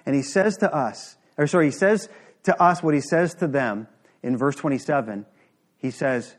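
Earnest male preacher, slightly high voice. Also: darkish tone. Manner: earnest, emphatic, with frequent "right?" checks to the congregation. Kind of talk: sermon. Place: room with a live congregation.

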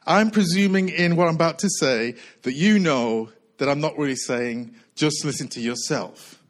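A middle-aged male pastor preaching a sermon, a little out of breath, repeating key lines and slowing down hard to stress them. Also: a little high, rough recording. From United Kingdom. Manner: earnest preaching with repetition and slow emphatic phrases.

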